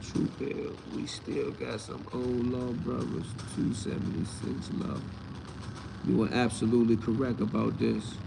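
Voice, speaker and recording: A man's voice: mid-range voice, little pitch movement, a little slow, vocal fry, background noise. A man hosting his own channel, answering live chat in a casual, blunt and profane way, often mocking the commenters. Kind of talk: casual livestream talk.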